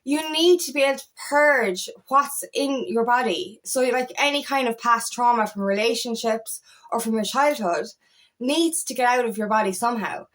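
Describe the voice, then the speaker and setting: A woman's voice: a little high, normal speed, a bit bright. A woman, a feminine empowerment coach, talking straight to camera in a passionate, blunt way, swearing freely. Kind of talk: direct-to-camera talk.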